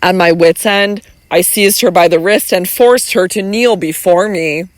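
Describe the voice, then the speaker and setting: Measured audiobook narrator, mid-pitched, close dry recording. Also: no echo. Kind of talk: scripted narration.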